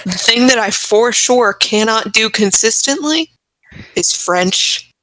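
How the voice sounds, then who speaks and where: A woman's voice: fairly high pitch, takes it slowly, no echo, rough recording. A woman player chatting animatedly and poking fun at herself with friends over a video call. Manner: animated, self-mocking, laughing. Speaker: tabletop game player. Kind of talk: casual chat on a video call. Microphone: home mic on a video call.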